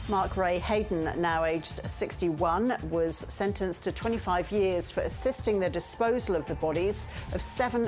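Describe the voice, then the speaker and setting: An Australian woman presenting a television news bulletin in a measured, formal manner. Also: mid-range voice, darkish tone. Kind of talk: newsreading.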